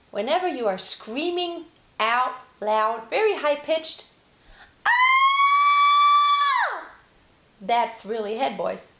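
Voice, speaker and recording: High, lively woman teaching singing. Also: a little hiss or hum. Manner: explains calmly, then breaks into sung and shouted examples. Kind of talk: vocal lesson with sung demonstrations. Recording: roomy echo.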